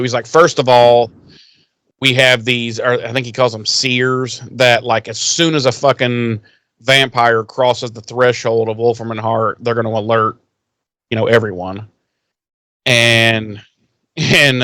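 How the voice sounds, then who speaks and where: A man's voice: medium pitch, little pitch movement, moderate pace, bright, forceful tone, no room sound. A man co-hosting a podcast, casually recapping an episode, laughing and swearing as he acts out the lines. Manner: laughing, profane, retells scenes in quoted voices. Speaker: podcast co-host.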